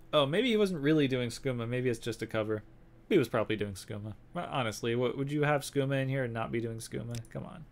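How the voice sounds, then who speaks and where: A man's voice: medium pitch, expressive, fast talker. A young man streaming a game, rambling and joking as he thinks aloud while playing. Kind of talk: casual gameplay commentary.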